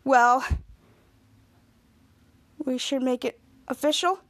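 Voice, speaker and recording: A woman's voice: high voice, slow, dry recording. A woman voicing a hopeful, eager teenage girl, quoting her lines in her own voice.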